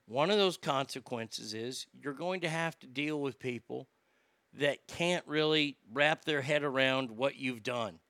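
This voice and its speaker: A male stand-up comedian with a gravelly, forceful voice that sits a bit high for a man. His delivery is profane and rambling, and the sound is dry and close. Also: unhurried, no room sound.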